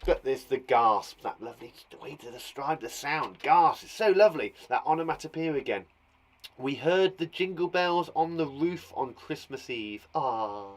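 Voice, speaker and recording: A man teaching young children online, chatty and thinking aloud as he acts out the sounds of words. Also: a little high. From England. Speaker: primary school teacher.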